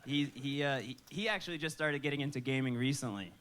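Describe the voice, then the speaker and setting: A man's voice: mid-range voice, quick pace, noisy background. A man in his twenties, a comedian guest answering questions in a laid-back, giggly way, saying "dude" often. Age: 20s. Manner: laid-back stoner drawl, says dude a lot, nervous laughs. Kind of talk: casual stage interview.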